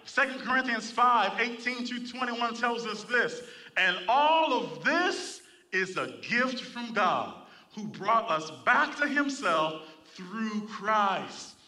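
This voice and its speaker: A man's voice: high voice, animated, slow pace, bright, forceful tone, distant mic. A man preaching a sermon in church, reading scripture and calling for responses from the congregation. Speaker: pastor.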